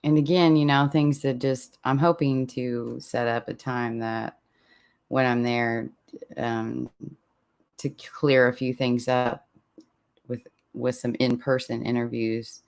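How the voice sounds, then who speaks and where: A true crime podcast host answers listener questions in a loose, rambling chat, often cutting himself off mid-sentence and laughing at himself. His voice is medium-pitched and fairly flat, slow, with vocal fry and a clean tone.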